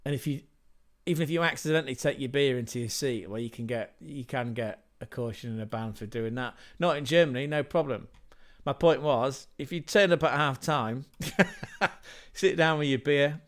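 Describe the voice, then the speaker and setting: A man hosts a casual livestream, talking loosely and drifting between thoughts. His voice sits at an ordinary middle pitch, and he fills the chat with joking asides and the occasional swear word. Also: a little fast. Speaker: livestream host.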